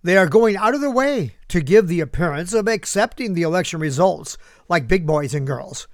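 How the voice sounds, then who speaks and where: Man, high-pitched, sarcastic, commentary host, dry recording. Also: expressive, normal speed, no room sound. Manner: sarcastic, talks back to an unheard listener. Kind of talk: political commentary.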